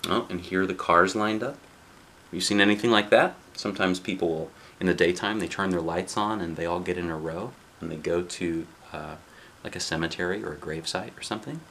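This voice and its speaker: A man reading a picture book aloud to children, gently chatting and asking the listener questions between pages. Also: sits low, a little fast, a little hiss or hum. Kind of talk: children's read-aloud with casual asides.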